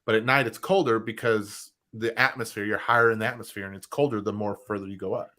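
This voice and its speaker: A man's voice: on the low side, steady tone, fast, bright, forceful tone. A man co-hosting a casual web show, chatting and teasing his co-hosts. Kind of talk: casual chat.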